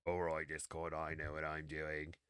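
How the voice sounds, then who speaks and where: A giggly man co-hosting a live stream, with a very deep, smooth voice. His sound is close and dry, and he laughs easily as he chats. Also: completely flat delivery, normal speed, fairly bright tone, dry recording. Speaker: co-host. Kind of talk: casual live-stream chat.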